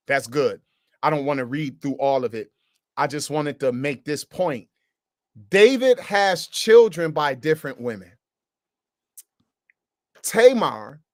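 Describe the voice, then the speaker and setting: A man teaching the Bible, slangy and emphatic, his voice a bit high. He pushes hard on key words. The sound is dry and close. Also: no room sound.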